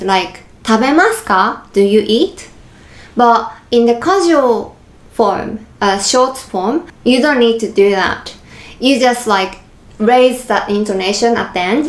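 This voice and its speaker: Slow, patient woman teaching in an echoey room. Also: on the high side. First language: Japanese. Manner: patient, slow, repeats examples. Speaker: language teacher. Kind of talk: online language lesson.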